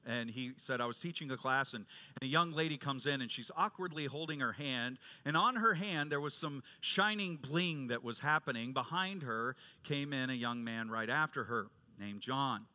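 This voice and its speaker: Bright-voiced preaching man. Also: medium pitch, moderate pace. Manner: storytelling preacher, swings from loud proclaiming to hushed retelling. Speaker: pastor. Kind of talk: sermon. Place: church sanctuary.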